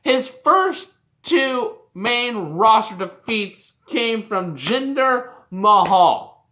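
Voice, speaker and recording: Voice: medium pitch, big pitch swings, very slow, sharp tone, slight background noise. A young adult from Canada giving a casual, heated and profane rant on a vlog, often exasperated. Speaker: wrestling commentary vlogger.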